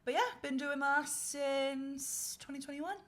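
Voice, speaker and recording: A woman's voice: high-pitched, completely flat delivery, measured pace, a bit bright. A young woman in her twenties, a podcast guest in casual chat, laughing and self-deprecating.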